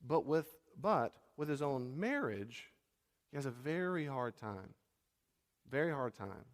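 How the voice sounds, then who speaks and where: A man's voice: mid-range voice, sing-song, measured pace, in a large hall. A middle-aged man preaching a sermon as a pastor, talking conversationally and repeating key phrases.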